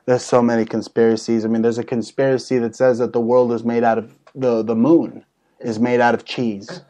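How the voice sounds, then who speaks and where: A young man hosting a casual talk show, ranting crudely and jokingly with sudden loud outbursts. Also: medium pitch, flat delivery, a little fast, low-quality recording. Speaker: host.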